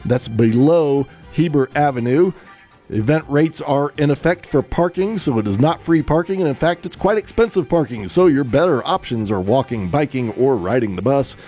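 A man's voice: medium pitch, moderate pace, soft background music. Chatty radio host losing his voice. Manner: relaxed, chatty, laughs at himself. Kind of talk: live radio talk and weather report. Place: radio studio. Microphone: studio microphone.

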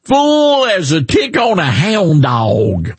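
A man's voice: high-pitched, wildly swooping pitch, takes it slowly, breathy edge, no echo, voice pushed up, exaggerated voice. A radio host doing an impression of a male politician who speaks in a folksy, drawling, fake Southern manner. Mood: folksy scolding.

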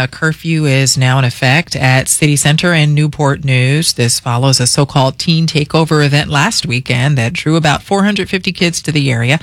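A man anchoring a radio newscast with a steady, measured delivery. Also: a little high, no room sound, clean studio sound. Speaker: news anchor. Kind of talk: radio news reading.

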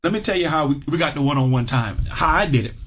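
A man's voice: on the high side, expressive, fast talker, a bit bright, soft background music. A middle-aged man telling a heartfelt personal story, earnest, with lots of fillers and repeated words. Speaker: interview guest.

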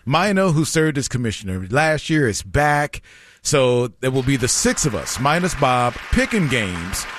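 A man hosting a casual sports radio show, lively and laughing through quick banter. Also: mid-range voice, no room sound. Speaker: radio host.

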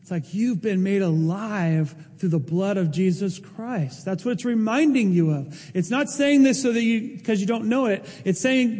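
A man's voice: sits high, expressive, moderate pace, darkish tone, in a large hall. A man, a pastor, delivering an emphatic, emotional sermon. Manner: emotional, emphatic preaching with rising intensity.

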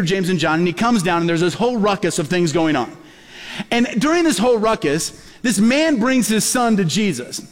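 In a church with long hall reverb, a high-pitched male pastor preaches a storytelling sermon. He tells the stories in a lively way and acts out the voices of the people in them.

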